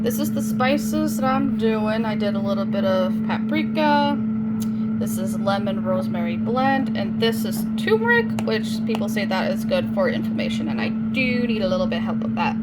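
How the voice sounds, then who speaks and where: A woman talking to camera at home in a loose, rambling vlog style. She gets excited easily and leans on "like" between thoughts, in a voice a little higher than most. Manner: rambling, excitable, heavy use of "like". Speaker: book vlogger. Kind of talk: casual vlog chat.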